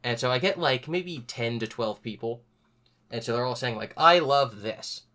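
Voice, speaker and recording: A young man hosts a casual podcast chat. His voice is bright and forward. He tells stories with lively energy and raises his voice to act out what others said. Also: medium pitch, normal speed. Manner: animated, acts out other people's lines in a raised voice. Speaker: podcast host.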